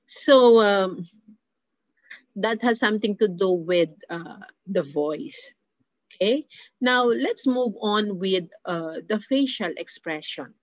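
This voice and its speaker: A woman's voice: mid-range voice, no echo. A woman teacher with a Filipino accent gives an online lecture, defining terms one by one and often saying "okay" and "uh". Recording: dull lo-fi recording.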